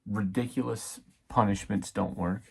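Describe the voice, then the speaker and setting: Thirties father, faith vlogger; lower, gravelly husky voice, reflective and halting delivery. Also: steady tone, a little mellow. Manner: reflective, halting with many fillers. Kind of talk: casual devotional talk.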